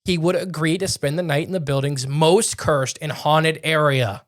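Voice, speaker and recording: A man's voice: a little high, fairly even intonation, normal speed. A young man co-hosting a podcast, casually narrating a spooky tale with frequent restarts and self-corrections. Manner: rambling, self-correcting storyteller. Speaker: podcast co-host narrating a story. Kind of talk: casual storytelling chat.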